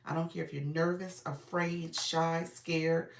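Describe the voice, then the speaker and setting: A woman business coach hosting a casual livestream. She is under the weather and a bit raspy, and she greets viewers by name in an upbeat, encouraging way. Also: low-pitched, fairly even intonation, measured pace, roomy sound, distant mic.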